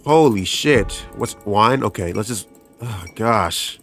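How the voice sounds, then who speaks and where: A man's voice: on the low side, expressive, slow, a bit bright. A young man doing let's play commentary as a gaming YouTuber, cursing, stammering and joking as he reacts. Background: game music.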